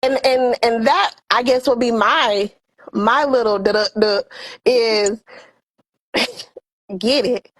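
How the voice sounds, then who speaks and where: A woman co-hosting a casual talk show, telling stories and giving heartfelt advice in an expressive, animated way. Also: fairly high pitch, takes it slowly, long pauses. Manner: expressive, animated storytelling with quoted dialogue. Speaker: co-host.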